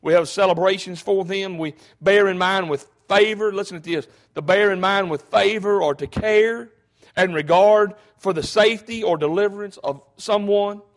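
Male preacher, very high pitch, calm explaining that climbs to impassioned shouting, talks straight to the pews. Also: moderate pace. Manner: builds from calm explaining to loud, fervent preaching with calls of "hey"; frequent fillers and restarts, rhetorical questions to the congregation. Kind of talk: sermon.

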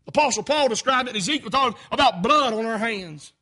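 A male preacher delivering a sermon in a church auditorium, building to loud, impassioned peaks and dropping low for emphasis. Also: animated, fairly quick.

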